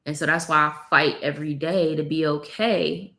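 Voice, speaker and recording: Woman, young adult, lower voice, tearful, confiding vlog chat at home. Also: fairly even intonation, moderate pace, creaky, a bit bright. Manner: candid, confiding, addresses viewers as y'all. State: tearful, on the verge of crying. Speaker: vlogger, mother of three. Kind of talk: emotional casual vlog chat. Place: at home, with her baby on her lap.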